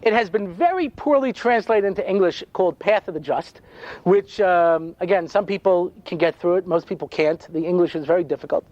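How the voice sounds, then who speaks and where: A man's voice: sits high, brisk, no echo, highs cut off. An older man giving a humorous lecture as a rabbi, telling stories and acting out quotes. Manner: animated storytelling with jokes and acted-out quotes.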